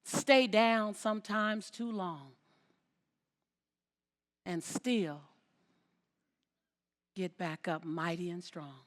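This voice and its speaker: A woman's voice: lowish voice, extremely slow, pauses often. A woman giving an inspirational talk on stage before a live audience, speaking emphatically, repeating her phrases and calling out to the crowd. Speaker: motivational speaker.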